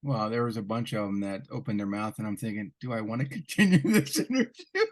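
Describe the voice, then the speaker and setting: A man's voice: lowish voice, level tone, quick pace. A man hosting an interview podcast, chatting casually and chuckling mid-sentence. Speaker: podcast host. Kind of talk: conversational interview.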